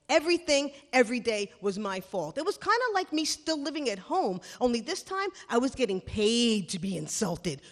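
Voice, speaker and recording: A woman telling a funny personal story live on stage, animated and sarcastic as she acts out the scenes. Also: fairly high pitch, long reverb tail. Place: small stage venue.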